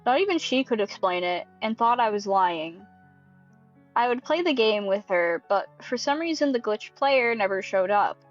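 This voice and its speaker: A woman's voice: mid-range voice, expressive, highs cut off, faint music behind. A young woman reading a creepypasta aloud in a casual way, breaking off to laugh and comment. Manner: quick, giggly and sweary. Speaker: creepypasta reader.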